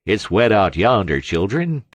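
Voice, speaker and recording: A man's voice: on the low side, big pitch swings, a little slow. Man doing roaring boisterous sailor Long Jack. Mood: blustering. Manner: loud, roaring, blustering.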